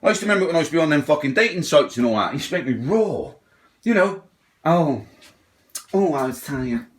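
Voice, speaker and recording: A man's voice: a little high, big pitch swings, very fast. A middle-aged man, ranting bluntly and swearing, mocking others in put-on voices. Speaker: ranting vlogger. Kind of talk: profane rant.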